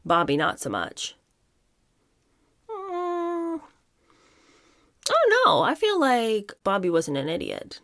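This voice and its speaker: A woman's voice: a little high, wildly swooping pitch, takes it slowly, pauses often, a bit bright, dry recording, clean studio sound. A woman hosting a podcast, reading passages from a book aloud and breaking off to give her own blunt opinions to her listeners. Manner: opinionated, talks straight to listeners. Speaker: podcast host.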